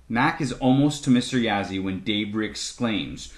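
A man reading an audiobook aloud in an expressive, animated manner. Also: mid-range voice, moderate pace, hardly any pauses. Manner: animated, lively intonation. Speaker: audiobook narrator. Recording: roomy echo.

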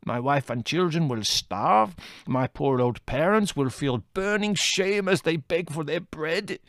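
A man's voice: on the high side, expressive, fairly bright tone, dry recording, clean studio sound, voice pushed up. A man voicing a melodramatic male café owner, theatrical and drawn out. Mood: despairing. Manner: theatrical, wailing, slow and drawn out.

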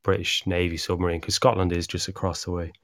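A lowish Irish male voice in relaxed podcast chat, wandering through anecdotes with fillers and casual swearing. The sound is close and dry with no room at all. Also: fast talker, no room sound. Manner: rambling storyteller, swears freely, many fillers. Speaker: podcast co-host.

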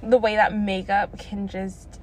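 A woman's voice: mid-range voice, level tone, measured pace, slight background noise. A young woman telling a story in a blunt, profane casual rant, laughing between lines. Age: young adult. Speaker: vlogger.

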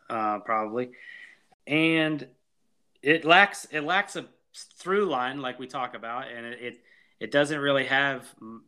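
A man's voice: medium pitch, pushed and bright. A man co-hosting a casual movie review podcast, laughing often and acting out quotes in goofy voices. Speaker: podcast co-host.

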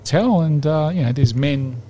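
A man's voice: a little high, normal speed, slight background noise. A man, a podcast host telling a long rambling joke in casual chat. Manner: rambling, lively, laughs at his own joke.

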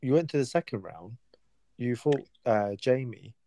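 A man's voice: medium pitch, moderate pace, mellow. A man interviewing a guest in casual chat, asking curious questions with hesitant fillers.

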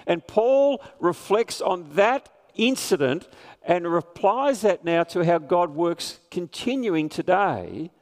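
A man preaching a Sunday sermon in a slightly high voice. He is earnest and conversational and keeps putting questions to the people in the pews. His words carry a long reverb from the church, as on a live stream. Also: big pitch swings, slow pace. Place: church sanctuary.

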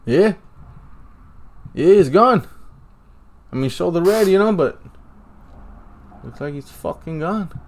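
Speaking into a handheld mic, a man hosting a podcast commentates on a football match he's watching, alternating relaxed chatter with excitable, profane reactions and frequent swearing. His voice sits high, and he talks slowly with many pauses.

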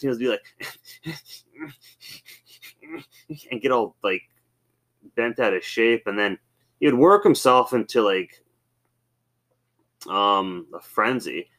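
A man's voice: mid-range voice, lively intonation, takes it slowly, long pauses, a bit bright. A man hosting a podcast, telling loose, rambling stories with swearing and many fillers. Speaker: podcast host. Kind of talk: casual storytelling monologue.

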